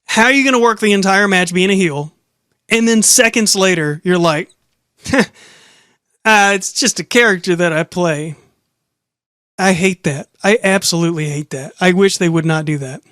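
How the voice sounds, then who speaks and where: A man's voice: high voice, a bit bright, clean tone, dry recording, studio quality. A young man casually recapping and giving opinionated commentary, rambling with frequent restarts. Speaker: wrestling show reviewer.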